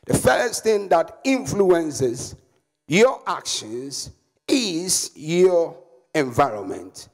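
A man's voice: fairly high pitch, sing-song, a little mellow. A man with a Ghanaian English accent preaching a sermon as pastor and prophet, leading the congregation in call-and-response. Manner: slow, emphatic preaching with repetitions.

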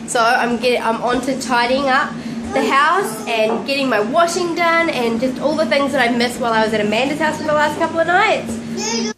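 Young mum in her 20s vlogging at home on a handheld cam, kinda high voice, chatty, baby-talks her toddler. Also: lively intonation, normal speed, noisy background. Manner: chatty, switches to sing-song baby talk with her toddler. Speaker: mother and vlogger. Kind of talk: casual home vlog. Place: family home.

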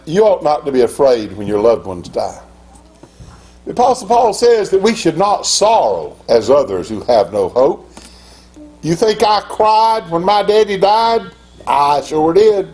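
An older man preaching a sermon as pastor, in an impassioned style that climbs to high, emphatic peaks. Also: darkish tone.

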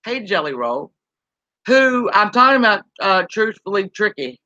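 A woman's voice: medium pitch, sing-song, a little slow, bright, forceful tone, no room sound, muffled recording. Blunt profane woman ranting. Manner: profane, blunt, reads chat aloud. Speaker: YouTube commentary host. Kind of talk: ranting live-stream commentary.

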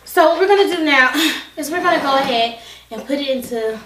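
A woman's voice: high voice, lively intonation, brisk, far from the mic, noisy background. Breathless woman chatting in a kitchen. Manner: chatty and folksy, talks straight to viewers. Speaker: cooking vlogger. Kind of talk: casual cooking demonstration. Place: home kitchen. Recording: roomy kitchen, mic set back.

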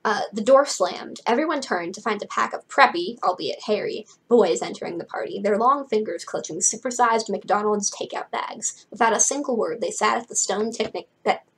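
A woman's voice: mid-range voice, animated, normal speed, hardly any pauses, slightly rough, poor audio. A teenage girl reading a novel aloud, breaking off for chatty, wry asides. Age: late teens. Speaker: book reader.

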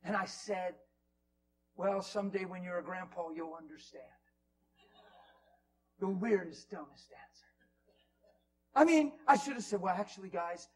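A man preaching in a church, telling a story with animated swings from loud bursts to near whispers. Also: sits high, a little hiss or hum, poor audio. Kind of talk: storytelling sermon. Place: church hall.

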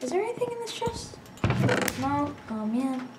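A woman commenting on her gameplay as she plays, excitable and quick to exclaim and shout reactions. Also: high voice, recorded from a distance. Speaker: let's play gamer. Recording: roomy, away from mic, noisy.

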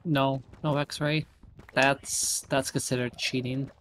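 A man's voice: mid-range voice, little pitch movement, slow pace, fairly bright tone, slight background noise. A man hosting a casual multiplayer gaming session, swearing and exclaiming often. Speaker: gaming host.

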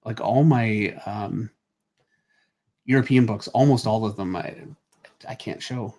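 A man's voice: on the low side, measured pace. A man hosting a drawing livestream, chatting loosely and teasing his co-host with dry humor. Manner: relaxed, dry teasing, trails off mid-thought. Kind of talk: casual chat.

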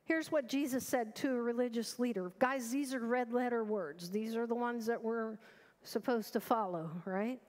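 A woman's voice: a little high, moderate pace, darkish tone. A woman pastor preaching a sermon with earnest urgency, asking the congregation rhetorical questions. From United States. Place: large church sanctuary. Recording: long reverb of a church hall.

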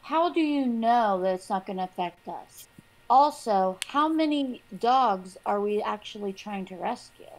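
A woman's voice: medium pitch, animated, a little slow, a little hiss or hum, rough recording. A woman player at a tabletop game who asks questions in a casual way.

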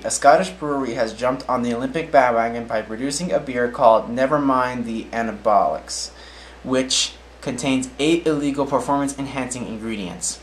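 A man's voice: mid-range voice, brisk, slight background noise, low-quality recording. A man casually reading odd news stories aloud, often tripping over names, then adding his own offhand comments.

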